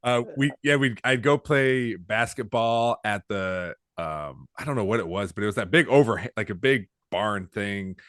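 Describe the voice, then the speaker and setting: A man in his late thirties hosts a relaxed podcast chat with a fairly low voice. He tends to restart his questions as he goes, and the recording is close and dry. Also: moderate pace, few pauses, dry recording. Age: 30s. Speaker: podcast host. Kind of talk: casual chat.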